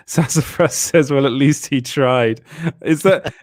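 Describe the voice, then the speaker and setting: A man's voice: mid-range voice, takes it slowly, a little mellow, no room sound. Chatty young Englishman, dry close sound. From England. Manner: chatty, laughing, self-deprecating storyteller. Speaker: co-host. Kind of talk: casual livestream chat.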